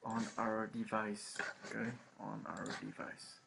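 A man with explains programming in a gravelly, monotone voice. He stumbles, repeats phrases and fills pauses with ums. The recording has steady background noise. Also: lowish voice. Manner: halting, many ums, repeats phrases with frequent okays. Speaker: programming instructor. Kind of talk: screen-recorded coding lecture. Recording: noisy home recording.

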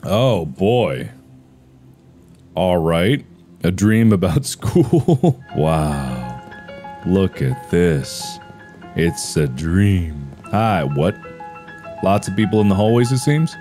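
A man's voice: lowish voice, expressive, a little slow, a little mellow, faint music behind. A man hosting a let's-play video, reading game text aloud with playful quips. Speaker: gaming video host. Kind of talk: casual let's-play commentary.

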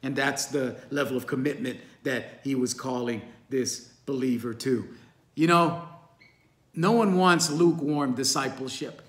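A man's voice: medium pitch, unhurried, reverberant. A man teaching a Bible study in an earnest, encouraging way, often calling his listeners friends.

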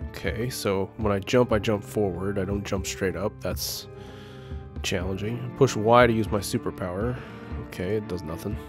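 A man's voice: on the low side, normal speed, over music. A man giving casual gameplay commentary with wry, joking asides. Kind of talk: casual let's-play commentary with read-aloud dialogue.

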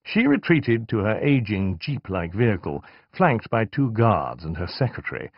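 Brief: male audiobook reader, low and animated, dry, muffled studio sound. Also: normal speed, breathy edge, no echo. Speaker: audiobook narrator. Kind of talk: scripted narration.

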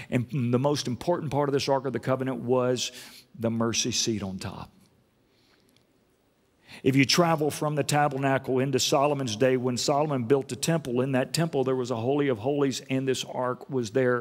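A pastor delivering a sermon in a church, earnest, with slow, low passages and lifts to high, stressed words. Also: male voice, big-room sound. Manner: earnest preaching, rises high and loud for emphasis, drops low and slow. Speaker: senior pastor. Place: church auditorium.

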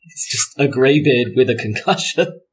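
A man's voice: medium pitch, breathy edge. A man running a tabletop game as game master, self-mocking and laughing often as he narrates.

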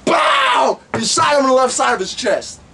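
A man's voice: very high-pitched, fast, gravelly, far from the mic, heavy background noise. A man vlogging comic stories, cursing freely and acting out the people in them. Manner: profane, animated, acts out the people in his stories. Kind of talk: comic storytelling.

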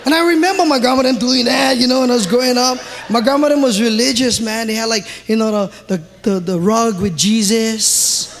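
A man with a Hawaiian Pidgin-tinged accent doing loud, animated live stand-up in a large theatre. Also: very high-pitched, brisk, hardly any pauses, big-room sound. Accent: Hawaiian Pidgin-tinged English. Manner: loud, animated, shouting punchlines. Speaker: stand-up comedian. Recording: live theatre recording with audience noise.

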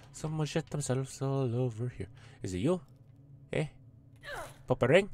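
A man's voice: mid-range voice, lively intonation, unhurried, a little mellow, slight background noise. A man playing a video game and joking through it, swearing and talking back at the characters. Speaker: gamer. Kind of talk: let's play commentary.

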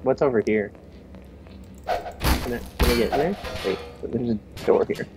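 A man's voice: medium pitch, unhurried, creaky, background noise. A young man casually bantering and cracking crude jokes while playing a horror game with a friend. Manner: joking, crude, excitable. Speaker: gameplay commentator.

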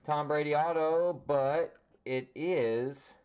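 A man hosting a casual card break, calling out players with slow, drawn-out reactions as he opens packs. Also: fairly high pitch, fairly even intonation, darkish tone, smooth. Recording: slightly dull audio with faint background noise.

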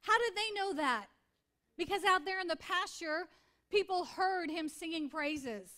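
A woman's voice: very high voice, unhurried, sharp tone. A woman pastor in her forties preaching a sermon in an earnest, conversational way, repeating points for emphasis.

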